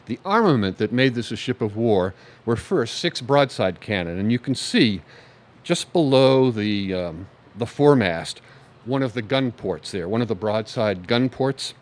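A man's voice: mid-range voice, lively intonation, unhurried, a little mellow. A man giving a conversational history lecture to an audience, pointing at slides and stressing key words.

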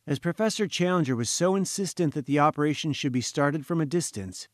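A man reading an audiobook, narrating a first-person story in a measured, even way. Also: on the high side, no room sound, studio quality. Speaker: audiobook reader.

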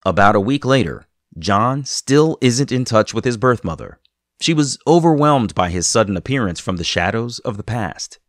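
A man hosting a podcast, narrating a guest's story in measured scripted passages between clips. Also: medium pitch, expressive, dry recording, studio quality. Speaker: podcast host.

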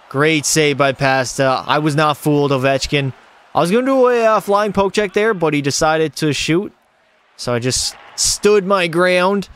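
A man's voice: fairly high pitch, moderate pace, a bit bright, smooth. A young man streaming a hockey video game, doing hyped play-by-play and answering chat with jokes. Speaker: gaming streamer. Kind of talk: live gameplay commentary with chat.

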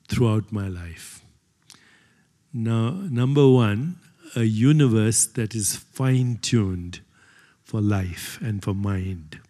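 A man's voice: lowish voice, darkish tone. An older man giving a conversational talk to an audience, lecturing with many fillers and asides. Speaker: speaker. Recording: long hall reverb.

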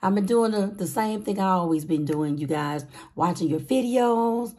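A woman hosting a casual budgeting vlog, with a raspy voice and an upbeat, chatty manner, calling her viewers sweeties and honey. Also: mid-range voice, normal speed. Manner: upbeat, excited. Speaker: budgeting channel host.

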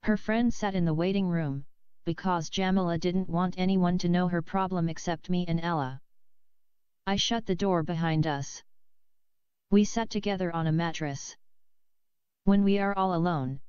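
Woman reading a novel, very clear. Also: on the low side, no echo. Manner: measured, steady reading. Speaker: audiobook reader. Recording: slightly dull lo-fi recording.

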